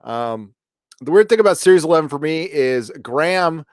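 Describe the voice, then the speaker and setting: A middle-aged man with a fairly high, animated voice hosts a casual livestream, reading chat at a normal pace. He rambles with lots of "uh"s, fillers, and restarts, and the close-miked sound is dry with no echo.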